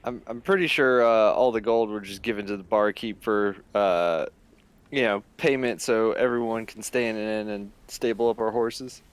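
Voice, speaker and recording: A man's voice: on the low side, moderate pace, clean tone. A man playing a tabletop game, explaining his character's choices in a hesitant, careful way. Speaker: player. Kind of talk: casual tabletop play.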